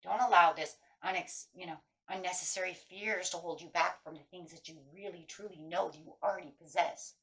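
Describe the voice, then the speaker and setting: A woman's voice: fairly low pitch, steady tone, a little fast, few pauses, fairly bright tone. A middle-aged woman giving a chatty, casual tarot reading, breaking into anxious inner voices. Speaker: tarot reader.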